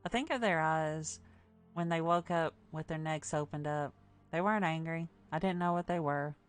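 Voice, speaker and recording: A woman with a slightly low voice reads a story game aloud on stream. She narrates plainly and steadily, with faint music under her. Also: moderate pace. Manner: plain storytelling read, with wry asides.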